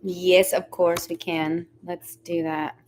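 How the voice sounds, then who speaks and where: A woman's voice: on the low side, level tone, slow, darkish tone, soft background music. A young woman giving tarot readings on a casual livestream, chatty and giggly with many fillers. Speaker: tarot reader.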